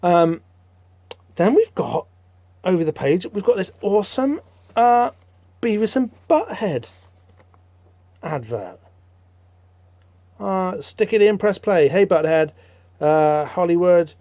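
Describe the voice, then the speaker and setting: A man hosting a podcast, rambling through a comic book issue in casual, animated commentary with lots of fillers. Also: high-pitched, takes it slowly, long pauses, dry recording. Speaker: podcast host.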